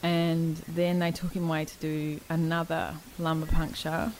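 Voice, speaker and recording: A woman's voice: low voice, little pitch movement, moderate pace, a little mellow, a little hiss or hum, poor audio. A young woman telling a personal story in a candid, casual chat, speaking frankly, swearing freely and laughing between lines.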